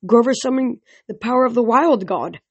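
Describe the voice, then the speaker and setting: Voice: medium pitch, moderate pace, breathy edge, no echo, highs cut off, pitched above the performer's own voice. A reader voicing an insistent young female tree nymph in an audiobook.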